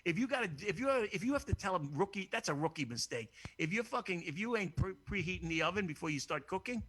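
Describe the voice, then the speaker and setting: A man hosting a crude, casual call-in show, brash and profane and quick to laugh. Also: high voice, sing-song, fairly bright tone, slightly rough. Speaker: host.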